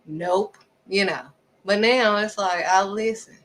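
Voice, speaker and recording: A woman giving a casual, faith-driven motivational talk, acting out quick back-and-forth exchanges and repeating pointed questions at the listener. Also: mid-range voice, slight background noise, poor audio. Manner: animated, acts out little back-and-forth exchanges. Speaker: faith vlogger.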